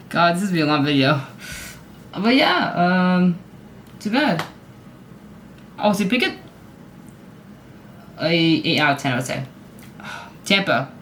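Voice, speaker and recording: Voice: mid-range voice, expressive, unhurried, long pauses, a bit bright, a little hiss or hum. Rambling, apologetic casual vlogger. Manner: rambling, self-apologetic, often unsure; hums along to clips. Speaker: video creator ranking sports goal horns.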